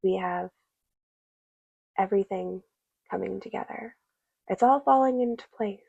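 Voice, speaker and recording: A woman giving a soft, meandering tarot reading, full of fillers and a little teary. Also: mid-range voice, unhurried, gravelly, breathy edge, no echo, muffled recording. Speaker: tarot reader.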